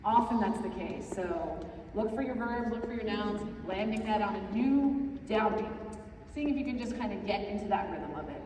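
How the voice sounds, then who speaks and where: A woman's voice: medium pitch, lively intonation, normal speed, mellow, a little hiss or hum. A songwriting teacher, a woman, walks her class through each step and keeps checking that they follow. Her voice reaches the mic from a distance. It carries a long, roomy reverb. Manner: explains step by step, often checks with "right?"; sings short example phrases. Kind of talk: workshop lecture. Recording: echoey room from a distance.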